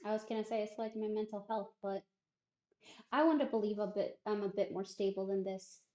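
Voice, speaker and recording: A woman's voice: mid-range voice, fairly even intonation, fairly quick, dark tone. A woman streamer chatting casually in a rambling, self-deprecating, wry way. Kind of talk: casual livestream chat. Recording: roomy, muffled stream audio.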